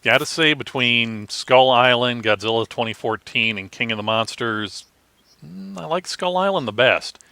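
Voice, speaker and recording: A man with a bright, forceful voice talking casually in a group chat, giving dry and opinionated takes. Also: medium pitch, moderate pace, creaky, smooth, dry recording.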